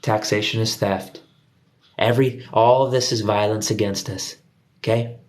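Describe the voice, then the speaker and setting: A man's voice: on the low side, steady tone, normal speed. Ranting man swearing at the camera. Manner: heated, swearing, repeats himself. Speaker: conspiracy video host. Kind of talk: profane rant to camera.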